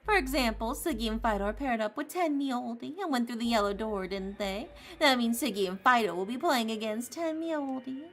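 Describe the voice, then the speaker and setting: On stream, a woman reads a visual novel aloud, voicing a mischievous male AI rabbit game master in a put-on Southern drawl with a taunting, singsong manner. Her voice is a little high and fairly bright, and she delivers it animatedly and briskly, with few pauses.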